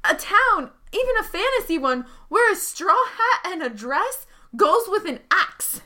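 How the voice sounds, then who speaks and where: Animated high-voiced woman player. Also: a little slow. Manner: animated, joking, argumentative. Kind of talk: casual tabletop role-play.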